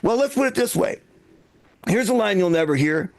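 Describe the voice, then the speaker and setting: A man's voice: sits high, expressive, normal speed. A man in his sixties doing a live stand-up set as emcee at a comedy club, rambling and self-mocking with lots of restarts. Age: 60s.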